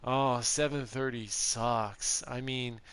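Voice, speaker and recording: A man's voice: mid-range voice, steady tone, slow, fairly bright tone, clean tone, dry recording. A middle-aged man streaming a video game, chatting in a rambling, casual way and laughing often. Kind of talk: casual gameplay chat.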